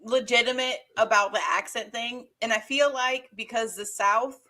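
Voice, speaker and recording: A woman from Georgia with a bright, high voice and no Southern accent, frank and animated as she argues a point. She fills her talk with "like" in casual podcast chat. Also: normal speed. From Georgia, USA. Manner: animated, frank, says "like" often. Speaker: podcast co-host. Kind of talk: casual movie review chat.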